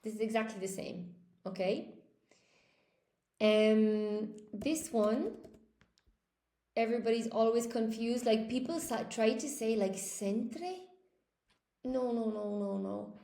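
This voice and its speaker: A woman's voice: on the high side, a little slow, long pauses, dark tone, roomy sound. A woman teaching a live online English lesson, chatting and answering viewer comments as she goes, often repeating words for emphasis.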